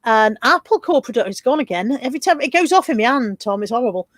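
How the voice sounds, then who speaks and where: A chatty woman hosts a live stream, reading out viewer comments and laughing between them. Her voice sits fairly high. The sound is close and dry, with no room echo. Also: lively intonation, quick pace. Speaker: livestream host. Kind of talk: casual chat reading live chat.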